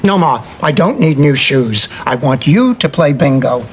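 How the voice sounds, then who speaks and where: An actress playing a middle-aged, sardonic daughter in a sitcom, with a low, husky, deadpan delivery. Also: female voice, unhurried. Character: sardonic grown daughter, exasperated, quick-tongued. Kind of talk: sitcom acting. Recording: noisy TV audio with studio audience laughter.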